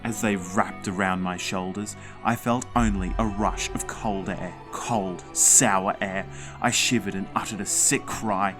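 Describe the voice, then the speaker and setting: A man's voice: deep voice, steady tone, measured pace, music in the background. A man narrating a spooky children's story with dramatic suspense.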